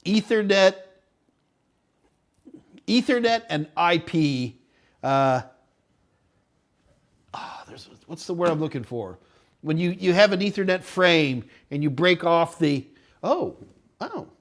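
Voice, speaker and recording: A man hosting a live tech question-and-answer stream, rambling casually and thinking out loud as he reads viewer chat. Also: on the high side, lively intonation, slow, long pauses. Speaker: tech instructor and show host.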